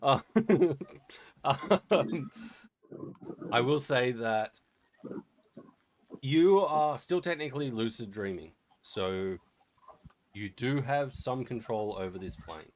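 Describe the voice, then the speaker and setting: A man's voice: medium pitch, lively intonation, slow pace, pauses often. A man narrating as game master in a casual, rambling way full of fillers.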